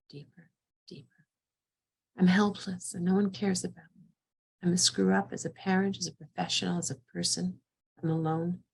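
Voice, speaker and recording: A woman's voice: on the low side, gravelly, a little mellow, breathy edge. A middle-aged woman psychotherapist leading a training session, telling a vivid first-person scenario.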